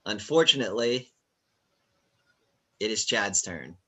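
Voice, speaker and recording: Male game master, bright tone, loose rambling narration with fillers. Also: lowish voice, lively intonation, measured pace, slightly rough. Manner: casual, rambling with fillers and laughs.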